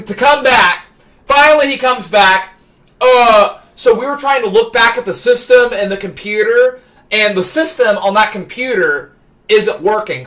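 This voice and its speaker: A man with a high, tense and bright voice tells a story on his live stream. He gets excited, trips over his own words, and climbs toward shouting as the story builds. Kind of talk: animated anecdote telling.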